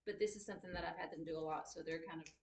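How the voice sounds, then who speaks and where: A woman teaching a high school writing class, briskly explaining and tapping out syllable rhythms. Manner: lively, brisk, reads lines aloud and beats rhythm with syllables. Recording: echoey classroom from a distant mic.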